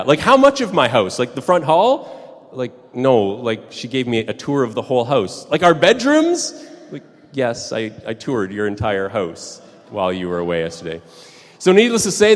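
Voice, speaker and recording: A man's voice: medium pitch, in a large hall. A man preaching a sermon as a pastor, opening with a chatty anecdote full of fillers. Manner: conversational storytelling, many fillers.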